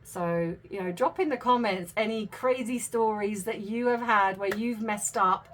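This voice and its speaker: A woman's voice: medium pitch, a little slow, fairly bright tone, slight background noise. A middle-aged woman, chatting to her viewers in a casual, self-deprecating vlog. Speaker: YouTube commentary host.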